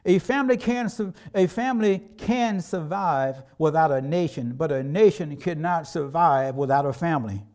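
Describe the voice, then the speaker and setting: A man's voice: a little high, animated, normal speed, few pauses, darkish tone. A middle-aged man preaching a sermon as a pastor, in a conversational way, acting out quotes from everyday life.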